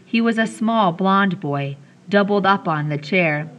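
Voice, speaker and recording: Bright-toned woman reading a story. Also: medium pitch, measured pace, lo-fi sound. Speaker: audiobook reader. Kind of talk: reading a children's novel aloud.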